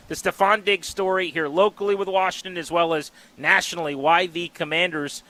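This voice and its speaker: Male sports radio host, high bright voice with a bouncy delivery, playful storyteller. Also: steady tone, a little fast, few pauses. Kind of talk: casual sports radio banter.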